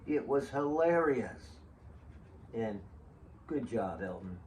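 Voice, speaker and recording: A man's voice: medium pitch, lively intonation, takes it slowly, darkish tone. A man hosting his own show, telling rambling stories in a casual, digressive way with joking asides to his listeners. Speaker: show host. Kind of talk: casual rambling storytelling monologue. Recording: distant mic with faint background hiss.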